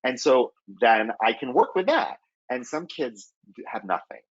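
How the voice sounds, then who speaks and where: A middle-aged man giving a casual teacher webinar, animated and chatty, who acts out children's self-talk in a higher voice. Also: a little slow, no echo, dull audio. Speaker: teacher trainer presenting a webinar.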